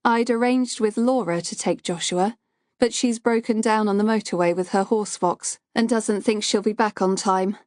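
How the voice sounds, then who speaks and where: A woman's voice: mid-range voice, moderate pace, darkish tone, no echo, clean studio sound, natural voice. A woman doing a casual friendly brother-in-law. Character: man, sister's husband, casual and friendly.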